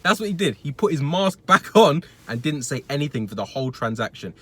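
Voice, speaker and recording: A man's voice: on the high side, brisk, slightly rough. Blunt man ranting. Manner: blunt, swearing, animated storytelling. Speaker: retail worker vlogger. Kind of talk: casual ranting story.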